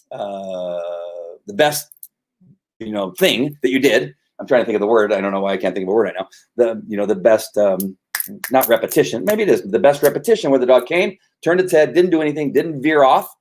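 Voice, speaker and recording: A man's voice: mid-range voice, darkish tone. A middle-aged man, a dog trainer, explaining his training methods in casual conversation, telling stories with frequent restarts.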